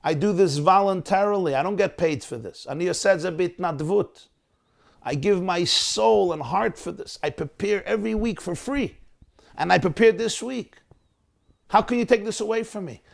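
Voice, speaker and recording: A man voicing an old, hurt Torah reader who pleads with a rising, strained voice. The voice climbs high as he begs to keep his place, with a rough gravel underneath. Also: normal speed. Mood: pleading.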